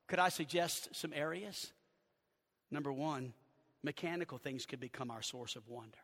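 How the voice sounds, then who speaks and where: A man preaching a sermon as pastor, earnest, dropping to hushed low phrases and rising for emphasis. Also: normal speed. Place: church sanctuary. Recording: long church hall reverb.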